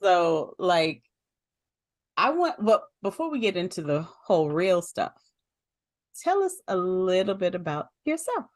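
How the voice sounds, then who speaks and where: A woman's voice: on the low side, sing-song, measured pace, no room sound, studio quality. A woman hosting a casual conversation with a friend, laughing often and getting emotional. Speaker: host.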